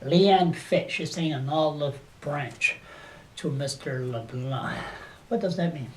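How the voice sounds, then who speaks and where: A man's voice: a little high, slow pace, a little hiss or hum. A man interviewing a guest in a casual, blunt way, with sarcastic jokes he laughs at himself. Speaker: interviewer and activist.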